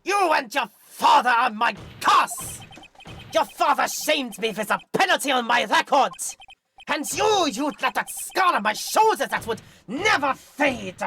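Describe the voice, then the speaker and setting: A woman's voice: high-pitched, very animated, a little slow, bright, forceful tone, faint music behind, heavily acted. A woman voicing a furious, vengeful old male prosecutor who rants and screams. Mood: raging. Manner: screaming, ranting.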